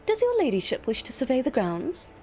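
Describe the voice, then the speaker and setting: A woman's voice: high-pitched, wildly swooping pitch, brisk, a little mellow, faint music behind. A woman voicing a villain-coded male secretary who speaks with formal, fawning politeness in a raised voice. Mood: smooth.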